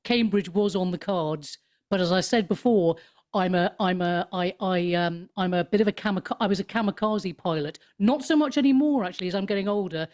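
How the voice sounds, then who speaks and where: A woman in her fifties, a comedian and author, chatting in an interview in a rambling, animated way with many restarts. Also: fairly low pitch, a little fast. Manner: animated storyteller, swoops up into mock voices. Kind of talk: casual interview chat.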